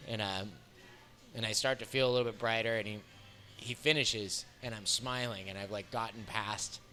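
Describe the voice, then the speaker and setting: An American comedian in his thirties spins a raunchy anecdote in a sitting-down interview. He talks in an animated, profane way, chuckling through the story at an ordinary man's pitch. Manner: animated, profane anecdote telling with frequent laughs. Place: bar.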